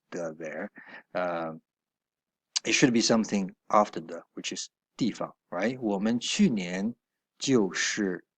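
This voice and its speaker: A man's voice: low-pitched, husky, no room sound. A man teaching a Chinese textbook lesson, explaining each line patiently with hesitant fillers and corrections along the way.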